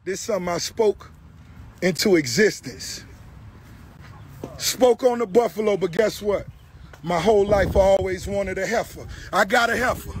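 A middle-aged man chatting casually and excitedly outdoors on a farm, cooing affectionately at his animals and hyping them up in heavy slang. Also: high-pitched, normal speed, long pauses, a little hiss or hum. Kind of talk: casual hype chat. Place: outdoors on a large farm by a gate.

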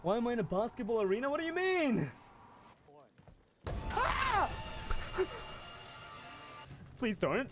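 A young man streaming a horror game, panicking, screaming and shouting pleas at it as he plays. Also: very high voice, big pitch swings, fast, faint music behind. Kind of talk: live gameplay commentary.

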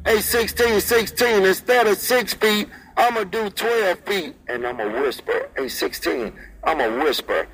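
A man's voice: high-pitched, lively intonation, unhurried, hardly any pauses, fairly bright tone, low-quality recording. A man chatting over CB radio in a sing-song, repetitive rhythm, repeating call signs and friendly sign-offs. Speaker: CB radio operator. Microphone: CB radio handset.

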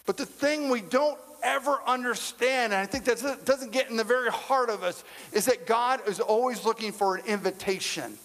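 A man's voice: very high voice, moderate pace, hardly any pauses, fairly bright tone. A male pastor preaching a sermon in a conversational, humorous way, speaking straight to the congregation. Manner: addresses the congregation directly. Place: church sanctuary with a congregation. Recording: long reverb of a large hall.

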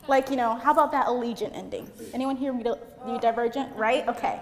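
A woman's voice: a little high, a little fast, a little mellow. A young woman giving a casual seminar talk, chatty and giggly, peppered with "like". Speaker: seminar speaker. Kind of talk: casual presentation to an audience. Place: seminar room, on stage. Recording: reverberant hall with faint room noise.

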